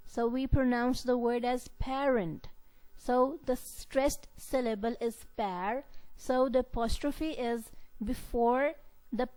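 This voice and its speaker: A woman lecturing on pronunciation, explaining slowly and repetitively and correcting herself as she goes. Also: a little high, darkish tone, clear, resonant tone, rough recording. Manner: slow, repetitive explaining with frequent self-corrections. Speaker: English lecturer. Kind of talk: recorded university lecture.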